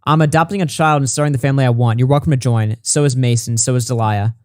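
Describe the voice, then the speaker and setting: In studio-quality sound with no echo, a medium-pitched man hosts a commentary channel. He reads messages and reports aloud quickly and reacts bluntly, with plenty of swearing.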